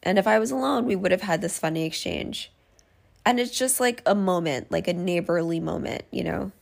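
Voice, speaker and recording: Gravelly-voiced woman, frank solo podcaster. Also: on the low side, animated, fairly quick. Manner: frank, self-mocking, talks things through aloud. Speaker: podcast host. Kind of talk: candid solo podcast monologue.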